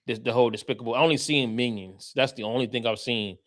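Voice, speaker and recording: A man co-hosting a casual podcast chat, loud and excitable, swearing freely. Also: medium pitch, fast. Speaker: podcast co-host.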